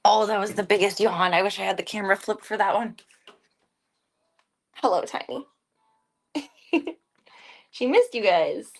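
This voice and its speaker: A woman's voice: mid-range voice, normal speed, gravelly. A woman streaming casual chat, narrating chores and talking baby-talk to her cats.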